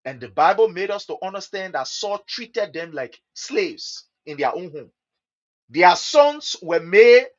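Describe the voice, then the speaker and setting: A Liberian man with a Liberian English accent, giving impassioned political commentary that swings between loud outbursts and low mutters, in the manner of a preacher. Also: dull audio.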